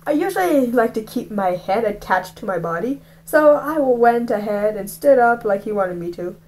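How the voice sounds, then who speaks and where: A woman's voice: fairly high pitch, lively intonation, normal speed, darkish tone. Chatty woman reading a book aloud. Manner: chatty, mocking asides. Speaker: reader of a book on video. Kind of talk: reading a novel aloud with asides.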